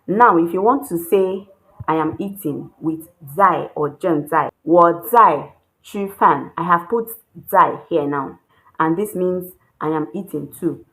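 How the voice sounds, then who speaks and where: A woman teaching Chinese grammar patiently, repeating each point with slow worked examples. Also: on the low side, fairly bright tone. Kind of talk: explaining grammar.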